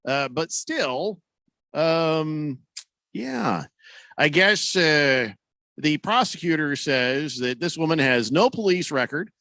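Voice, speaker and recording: Lively, joking sports radio host, a man. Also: fairly high pitch, slow pace, no room sound. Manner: rambling, joking, many fillers. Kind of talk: casual radio talk.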